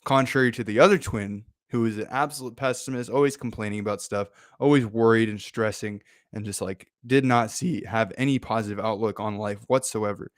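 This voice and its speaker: A laid-back man hosts a casual motivational talk, chatty and loose and full of fillers. His voice is smooth and clear, and it sounds dry and close. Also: lowish voice, fairly even intonation, brisk, few pauses, no room sound. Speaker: host.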